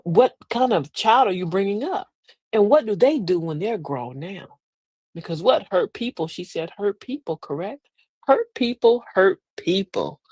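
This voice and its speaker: A woman's voice: medium pitch, darkish tone, breathy edge, no echo. A middle-aged woman hosting a live motivational talk, folksy and preachy, with emphatic delivery. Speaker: host.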